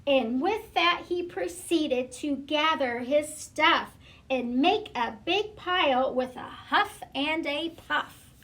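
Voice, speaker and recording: School librarian lady reading a picture book to kids, high voice, gentle, lots of ums. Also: slow. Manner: gentle, hesitant with frequent fillers.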